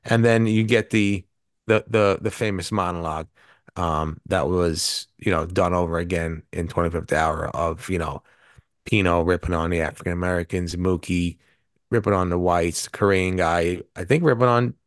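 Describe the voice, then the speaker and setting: A man's voice: low voice, fairly even intonation, normal speed, no room sound, studio quality. A man co-hosting a podcast, talking through favorite film scenes in a rambling way with frequent restarts. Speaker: podcast co-host. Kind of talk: casual movie review chat.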